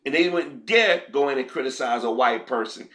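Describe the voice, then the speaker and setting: A man's voice: mid-range voice, normal speed, bright, forceful tone. A man ranting in heated, profane commentary as a vlogger.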